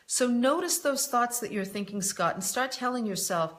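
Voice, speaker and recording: A woman's voice: on the high side, lively intonation, moderate pace, a bit bright. A woman coach answering viewer questions in a live online session, speaking candidly and directly, calling people by name, with frequent "um" and "you know". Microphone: live online broadcast.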